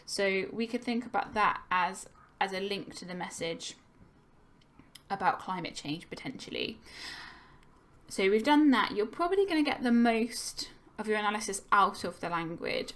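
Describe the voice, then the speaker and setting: A woman's voice: mid-range voice, expressive, moderate pace. A young woman teacher talking through a poem for students in a recorded lesson, patient and explanatory, thinking aloud with the odd filler. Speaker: English teacher. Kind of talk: recorded lesson on poetry analysis.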